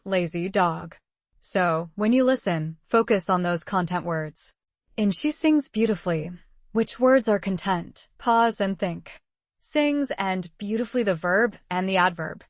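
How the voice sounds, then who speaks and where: A woman narrating an English listening lesson in a clear, measured teaching manner. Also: mid-range voice, no room sound, studio quality.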